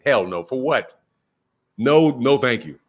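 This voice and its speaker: A man's voice: mid-range voice, lively intonation, takes it slowly, slightly rough. A man from the United States hosting a boxing channel, chatting casually on a live stream, boastful and joking, swearing freely.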